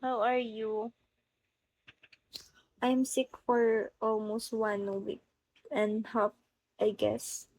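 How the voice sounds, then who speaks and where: A woman's voice: on the high side, little pitch movement, drawn-out words, long pauses, darkish tone, dry recording, poor audio. A young woman with a Filipino accent, chatting casually on a live stream, greeting viewers by name and slipping into Tagalog phrases. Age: young adult. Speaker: livestreamer.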